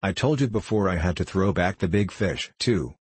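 A man reading the lines of a worldly, weary gentleman sleuth in a languid, ironic, knowing way in an audiobook. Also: deep voice, expressive, normal speed, breathy edge, no echo.

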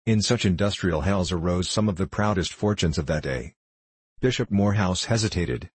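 A man reading a novel aloud in a steady, measured narration. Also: deep voice, slightly rough, no room sound. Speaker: audiobook narrator. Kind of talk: scripted narration.

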